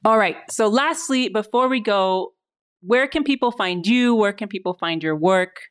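Smooth-voiced woman hosting a podcast. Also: mid-range voice, normal speed. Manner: warm, upbeat, mixes in Spanish words. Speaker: podcast host. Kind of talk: casual interview.

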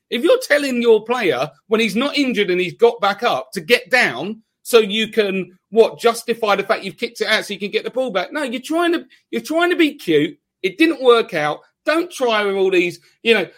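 A man hosting a podcast speaks with a notably high voice. He argues his point with force and insistence, pressing each claim hard. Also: a bit bright. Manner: emphatic, argumentative. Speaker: podcast host. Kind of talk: casual podcast chat.

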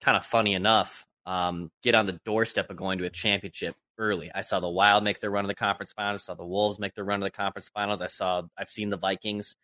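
A man in his late twenties with a low but bright, forceful voice co-hosts a sports show and rants in exasperation. The sound is dry, with no room echo. His pitch climbs as he gets worked up. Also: level tone, fast, hardly any pauses. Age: 20s. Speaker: sports radio co-host. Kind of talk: casual sports talk.

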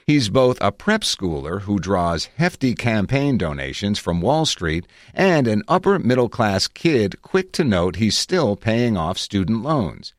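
A man narrating his own article in a reflective, measured way with wry asides, recorded on a close studio mic. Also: on the low side, big pitch swings, dry recording. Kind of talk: scripted narration.

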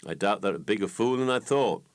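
A man's voice: on the low side, animated, fairly quick, close to an everyday voice. Old wise woman, stern and dismissive, clipped delivery, read by a male narrator. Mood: scornful. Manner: curt, scornful.

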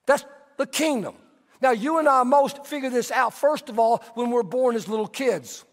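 High-voiced preacher in a big hall. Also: male voice, moderate pace. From Texas. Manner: animated storytelling, conversational preaching. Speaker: pastor. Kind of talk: sermon. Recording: long hall reverb.

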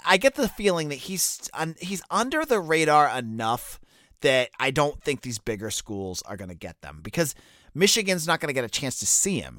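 A man's voice: mid-range voice, fairly bright tone, no echo, clean studio sound. A man with a Boston accent giving casual solo commentary as a college football recruiting analyst, talking loosely with fillers and restarts. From Boston area. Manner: conversational, many fillers and restarts.

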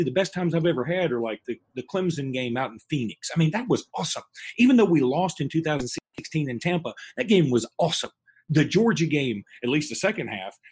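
A man's voice: a little high, husky. A man, co-hosting a casual sports podcast from a hotel room, rambling with many restarts and laughs. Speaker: podcast co-host.

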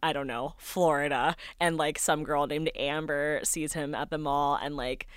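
A woman's voice: low-pitched, steady tone, normal speed, clear, resonant tone, no room sound, studio quality. A woman co-hosting a podcast, chatting casually and jokingly about a movie with lots of filler words. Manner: chatty, filler-heavy, jokey. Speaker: podcast co-host. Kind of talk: casual movie recap chat.

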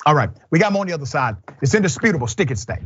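A man's voice: a little high, very animated, rapid-fire, breathy edge, highs cut off. A man hosting a news commentary show, reading stories and giving emphatic opinions with rhetorical questions.

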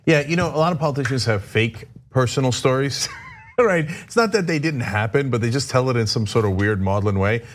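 A male host asking interview questions in a playful way, quick to laugh. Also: medium pitch, animated, a little hiss or hum.

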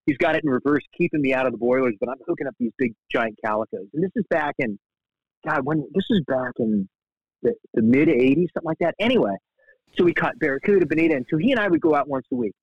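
A middle-aged man, a guest, telling fishing stories in a casual, animated way, with many restarts and lively quoted voices. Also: on the high side, quick pace, husky, no room sound. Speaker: guest, shark fly fisherman. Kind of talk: casual storytelling. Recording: slightly muffled, dry sound.

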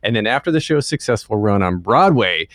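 A man's voice: fairly low pitch, animated, fairly quick, a bit bright, no room sound, clean studio sound. A man hosting a podcast, introducing a guest in an upbeat, chatty way with some filler words. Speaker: podcast host. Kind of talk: casual podcast chat and intro.

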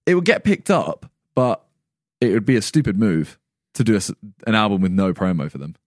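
A man co-hosting a podcast in casual chat, relaxed and laughing easily. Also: on the low side, a little fast, no echo, studio quality. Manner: relaxed, laughs often, hedging opinions. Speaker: podcast co-host.

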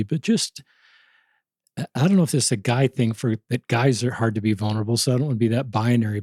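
Mellow-voiced male interviewer, dry sound. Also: mid-range voice, dry recording. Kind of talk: interview questions.

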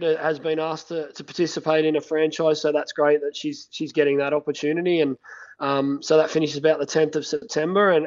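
Man with halting speech on a dull phone line. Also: on the high side, clear, resonant tone. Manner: halting, many fillers and restarts. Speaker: head coach of a national women's cricket team. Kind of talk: phone interview.

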